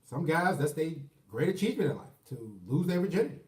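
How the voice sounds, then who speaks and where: He's a fast-talking man in his thirties whose fairly high, darkish voice swings widely in pitch as he hosts a casual call-in live stream. Blunt and profane, he presses callers to talk, heard off-mic from a distance in an echoey room.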